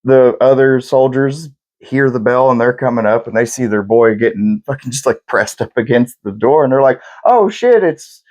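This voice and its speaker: A man's voice: medium pitch, fairly even intonation, moderate pace, few pauses, darkish tone. A young man co-hosting a podcast, telling history casually in a rambling, profane way and acting out what people said. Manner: profane, rambling storyteller, acts out quotes. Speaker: podcast co-host.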